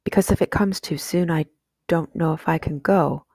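A sickly young boy, serious and calm, as a woman reads him in a storybook. The voice is husky and low. The recording is dry. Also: normal speed, no room sound. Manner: serious, thoughtful.

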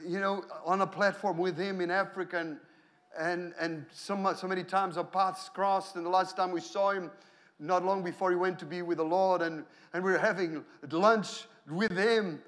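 High-voiced Australian pastor preaching. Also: male voice, normal speed. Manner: animated storytelling with laughs and shouted hallelujahs. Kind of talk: sermon.

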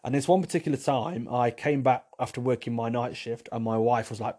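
A man's voice: medium pitch, a little fast, dark tone. A man hosting a podcast, chatting casually through listener questions. He rambles, repeats himself and pokes fun at himself. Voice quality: rambling, repeats himself, wry self-mocking humour. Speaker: podcast host. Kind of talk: casual solo chat answering listener questions.

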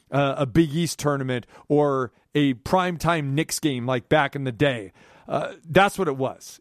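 A man hosts a sports talk radio show from the studio with an animated, rambling delivery that keeps building excitement. His voice sits somewhat high for a man. The sound is close and dry, with no room around it. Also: dry recording.

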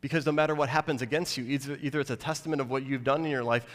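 A man preaching a sermon as pastor, chatty and animated, slipping into mock-dramatic voices and dry jokes. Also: mid-range voice, racing. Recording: long reverb of a large hall.

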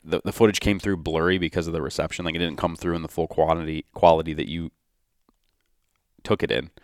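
Very deep voiced guy on a hunting podcast, dry close sound, telling the story. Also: fast talker, smooth, no room sound. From Michigan. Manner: excited narration with quoted dialogue. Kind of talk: casual storytelling chat.

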